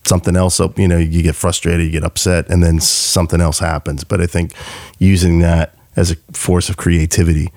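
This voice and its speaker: A man's voice: low-pitched, level tone, fairly quick, creaky, a little mellow, no echo. A man guesting as a cinematographer on a podcast in a studio, talking in an earnest, agreeable way and laughing often. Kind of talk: casual podcast conversation.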